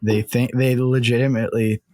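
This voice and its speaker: A Canadian man co-hosting a podcast, talking in a relaxed, rambling way and thinking aloud. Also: medium pitch, normal speed, no room sound, clean studio sound. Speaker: podcast co-host. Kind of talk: casual chat.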